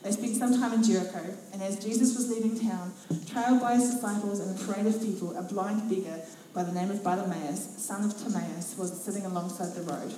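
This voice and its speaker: A New woman preaching to her church, retelling Bible stories with animated, dramatic flair. Her voice is mellow and warm. She sounds far from the mic, with heavy echo filling the hall and faint noise behind her. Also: mid-range voice, a little fast, few pauses. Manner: expressive storytelling, acts out quotes. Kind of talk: sermon. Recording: very echoey church from a distance.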